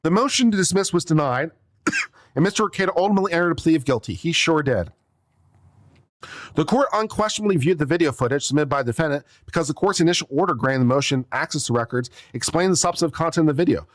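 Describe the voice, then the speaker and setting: An attorney commentator reads out a legal brief and tears into it with sarcastic, exasperated asides, coughing now and then. His voice is a little high and expressive, and he talks fast.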